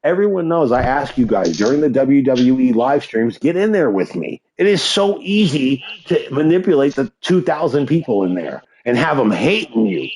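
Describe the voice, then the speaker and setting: A man with a gravelly voice hosting a live stream, joking and swearing as he rambles through casual banter. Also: mid-range voice, big pitch swings, moderate pace, hardly any pauses, darkish tone, poor audio. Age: adult.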